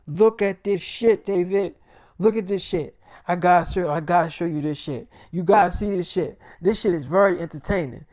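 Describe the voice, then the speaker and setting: A man voicing a brash, excitable male survivor who talks loudly, crudely and repeats himself insistently. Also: a little high, measured pace, no room sound, clean studio sound, lightly acted. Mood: excited. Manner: profane, loud, insistent repetition.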